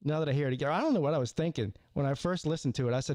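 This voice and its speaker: A man's voice: medium pitch, animated, rapid-fire, a little mellow, no echo. A man hosting a live sports call-in stream, rambling casually with stammered restarts and repeated words.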